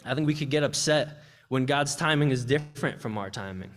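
During a church service, an earnest young campus ministry speaker shares his testimony from the heart. His voice sits at a middle pitch and moves fairly quickly, with frequent sentence restarts.

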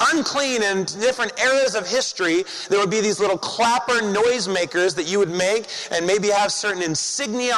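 A man preaches in a relaxed, conversational way, often turning to the congregation with rhetorical questions. His voice sits high for a man. The sound carries a long reverb from the church sanctuary. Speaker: pastor. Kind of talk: sermon.

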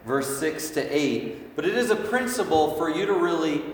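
A man in his thirties, a preacher, gives a casual, conversational sermon to a youth group, often asking the room "right?" His fairly high voice has lively intonation at normal speed. The audio carries a little hiss or hum, from a distant mic in an echoey hall.

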